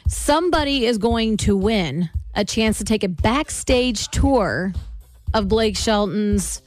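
A woman co-hosting a morning radio show in casual banter, bubbly and quick to laugh. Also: mid-range voice, animated, dry recording, soft background music. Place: radio studio. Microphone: studio microphone.

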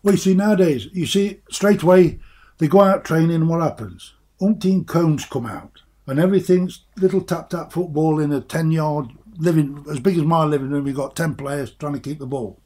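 An older man reminisces about his playing days. His voice is husky and mellow, pitched a little high for a man. He talks animatedly and repeats words as he warms to each story. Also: moderate pace. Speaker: former footballer guest. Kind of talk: casual reminiscing chat.

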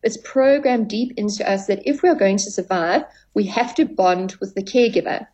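At a normal pace and with a mid-range, dark voice, a female therapist gives a radio interview. She explains at length and acts out quoted exchanges with clients, and the recording is rough.

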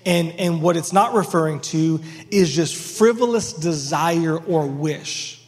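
High-voiced pastor preaching in a hall. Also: male voice, slow. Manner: conversational, animated storytelling with repeated words. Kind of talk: sermon.

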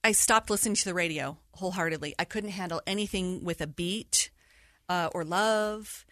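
A middle-aged woman telling a personal story in an interview, animated and laughing through hard memories. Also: lowish voice, normal speed, no echo, studio quality. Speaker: guest sharing her story. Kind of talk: candid interview conversation.

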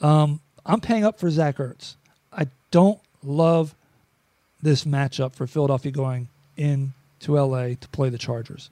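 Jokey podcast guy, slightly higher voice, talks a lot, restarts his sentences. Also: fairly even intonation, unhurried, warm tone, dry recording. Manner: joking, chatty, with stammering restarts. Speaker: podcast co-host. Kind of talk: casual sports podcast chat.

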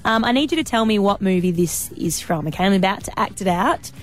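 A woman's voice: mid-range voice, lively intonation. Woman, radio host, chatty, bubbly, studio mic, faint music bed. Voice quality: chatty and bubbly, quick laughs. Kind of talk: casual radio chat.

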